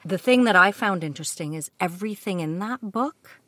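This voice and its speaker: A woman hosting a podcast, talking with a guest in a relaxed, frank, casual way. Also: medium pitch, a little fast, dry recording. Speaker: podcast host.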